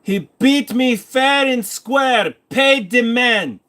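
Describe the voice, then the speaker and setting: A man voicing a boastful middle-aged Russian mob boss in a put-on Russian accent, slow and theatrical. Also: extremely high pitch, bright, forceful tone, voice pushed up, exaggerated voice. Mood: gloating. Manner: slow, drawn-out, theatrical menace.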